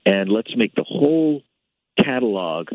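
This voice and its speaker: A guitarist being interviewed, speaking thoughtfully with many fillers over a phone line. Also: male voice, fairly low pitch, sing-song, a little slow, no room sound. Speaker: guitarist guest.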